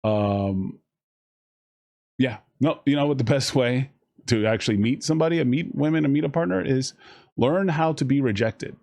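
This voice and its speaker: A man's voice: medium pitch, moderate pace, gravelly. Profane, rambling man giving advice on stream. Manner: profane, rambling, animated with voiced asides. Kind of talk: casual advice chat.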